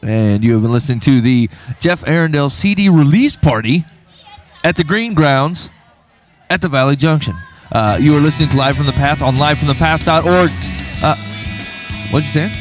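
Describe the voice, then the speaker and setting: A man with a slightly high voice hosts a live web broadcast, joking and rambling loosely. Faint music plays in the background. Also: expressive, moderate pace. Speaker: webcast host. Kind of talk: casual live broadcast banter. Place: café venue during a live event.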